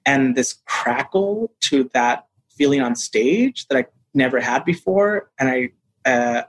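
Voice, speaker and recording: Husky-voiced man telling a story. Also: mid-range voice, measured pace, rough recording. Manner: animated, acts out quoted voices. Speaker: actor guest. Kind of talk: casual interview storytelling.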